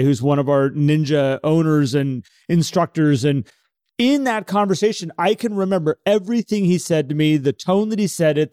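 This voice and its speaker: A man with a slightly high voice co-hosts a casual podcast, recorded dry and close. He talks in an animated way, often slipping into imagined phone reactions. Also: no room sound. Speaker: podcast co-host.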